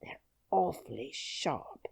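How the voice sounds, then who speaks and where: A woman's voice: low voice, lively intonation, slow pace, gravelly, darkish tone, slightly rough, no echo, studio quality, exaggerated voice. A woman voicing a brave, cheerful twelve-year-old miner boy who talks boldly and plainly. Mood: frank. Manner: bold, singing taunts, plain-spoken.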